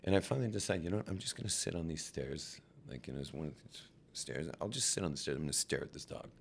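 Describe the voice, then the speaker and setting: A man, a rabbi, telling a story as a podcast guest, acting out shouts and dropping to near whispers. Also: very deep voice, expressive, quick pace, gravelly, a little hiss or hum.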